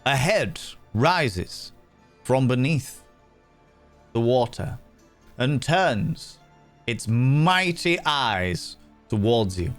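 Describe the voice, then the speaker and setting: A man narrating as game master for a streamed tabletop game, unhurried and dotted with fillers. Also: mid-range voice, lively intonation, faint music behind.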